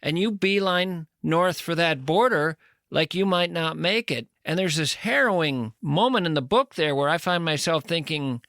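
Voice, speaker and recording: A man's voice: lively intonation, moderate pace, a bit bright, no room sound. Dry-sounding male host recapping dramatically. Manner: dramatic recaps, reads lines aloud in a low voice. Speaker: radio host. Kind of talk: interview talk.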